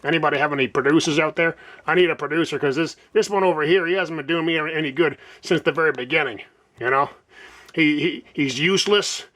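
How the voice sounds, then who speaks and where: A snarky, floppy-armed puppet host, as a man puts him on for a homemade comedy vlog. He rambles along and keeps needling his producer with sarcastic jabs. The voice sits a bit high and comes out sharp and tense. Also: fast talker, lightly acted. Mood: scolding.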